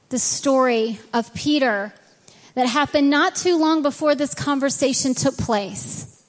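A woman's voice: high voice, in a large hall. A woman preaching a sermon in a church, reading scripture and praying, earnest and conversational. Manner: earnest and conversational, acting out quoted dialogue. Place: church sanctuary.

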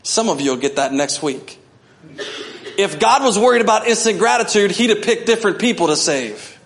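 Fiery preaching man, fairly high voice. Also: moderate pace, slight background noise. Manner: animated preaching, acting out voices, swings from loud to hushed. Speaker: pastor. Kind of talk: sermon. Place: church.

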